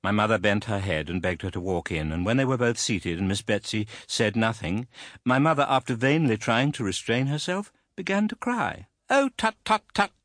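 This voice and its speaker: In clean studio sound with no echo, a man with a lowish voice narrates a classic novel. He is an audiobook narrator whose storytelling is measured and expressive.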